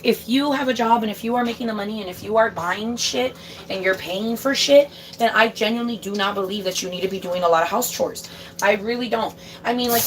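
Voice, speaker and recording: Young woman rambling in her kitchen, cursing nonstop, slips into spanish, kinda high voice, lots of clatter behind. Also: a little hiss or hum. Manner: swears a lot, mixes in Spanish phrases. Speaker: streamer. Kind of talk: casual chat while cooking. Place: home kitchen.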